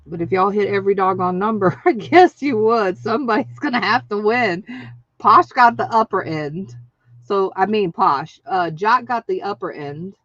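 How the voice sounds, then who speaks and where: A woman hosting a casual craft livestream, chatty and excitable, laughing often and reading out viewer names. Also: mid-range voice, moderate pace, no echo. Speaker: craft channel host. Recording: dry, dull lo-fi sound.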